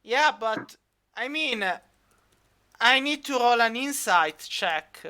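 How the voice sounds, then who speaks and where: A man's voice: extremely high pitch, expressive, takes it slowly, sharp tone, smooth. A man running a tabletop game as game master, rambling with lots of fillers. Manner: rambling, many fillers, laughs easily.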